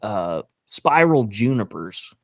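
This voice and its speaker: A man's voice: lowish voice, very animated, slow, gravelly, dry recording, studio quality. A man co-hosting a casual podcast, rambling and laughing as he tells loose, slangy stories. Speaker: podcast co-host and roof cleaner.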